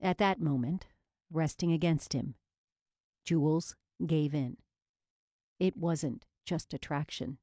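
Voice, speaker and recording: A woman narrating a romance novel as an audiobook in measured storytelling. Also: low-pitched, dark tone, dry recording, clean studio sound.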